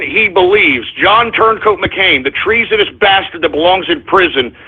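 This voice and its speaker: A man hosting a political talk radio show, ranting angrily with profanity, shouting in bursts and calling his listeners folks. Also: sits high, slightly rough. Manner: addresses listeners as folks and gives orders to the engineer. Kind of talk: angry political call-in radio rant. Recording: tinny phone-like lo-fi audio.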